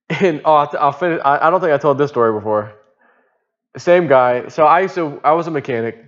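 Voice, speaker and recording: A man in a relaxed monologue, telling a story in a rambling way with loose chuckles and offhand swearing. His voice sits at a middle pitch. The recording sounds dull and lo-fi. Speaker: vlogger.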